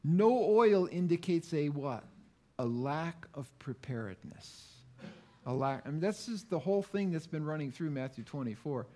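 A middle-aged male pastor preaching a sermon, slow and deliberate, asking the congregation questions. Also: on the high side, expressive, dark tone.

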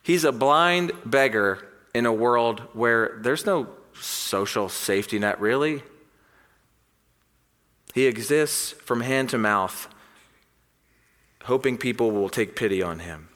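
A man preaching a sermon with a bright, ringing voice. He swings from loud, emphatic declarations to hushed, quiet lines. His voice carries a long reverb, as in a large hall. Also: medium pitch, takes it slowly, long pauses. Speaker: pastor.

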